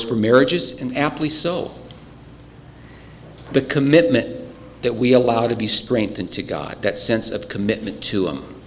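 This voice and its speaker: A man preaching a sermon earnestly, clearing his throat often, his voice a little choked up. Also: medium pitch, in a large hall. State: voice getting choked up. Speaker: pastor.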